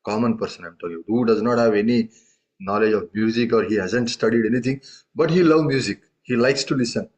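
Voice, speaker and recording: A man's voice: lowish voice, a little fast, a little mellow. A man teaching a tabla lesson, explaining patiently and often checking in with questions. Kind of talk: live music lesson. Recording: dull lo-fi audio.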